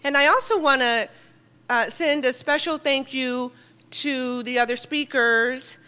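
A middle-aged woman giving a lively, joking and heartfelt talk to an audience in a meeting hall. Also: high voice, a little slow, smooth. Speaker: guest speaker at a recovery meeting.

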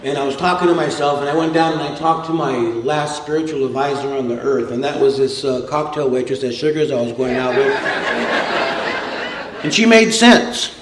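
A man's voice: medium pitch, moderate pace, roomy sound, crowd noise, rough recording. A man telling a humorous recovery story to a meeting audience, with a wisecracking, tough-guy delivery. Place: meeting room with a live audience.

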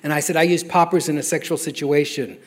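A man's voice: fairly high pitch, steady tone, fast talker. A middle-aged man telling a wry personal recovery story, self-mocking and often laughing as he speaks. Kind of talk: personal testimony talk.

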